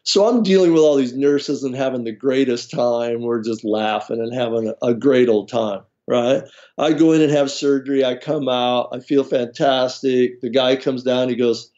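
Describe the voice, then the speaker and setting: A man's voice: mid-range voice, normal speed, muffled recording. A man telling a personal story as an interview guest, laughing often and acting out what others said. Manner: animated storyteller, laughs often, acts out quoted voices. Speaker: guest herbalist.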